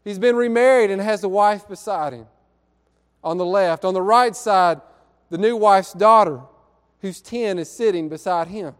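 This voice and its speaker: A man preaching a sermon, telling a story in an earnest way and drawing out key words slowly. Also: high-pitched, smooth, big-room sound. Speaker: pastor. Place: church sanctuary.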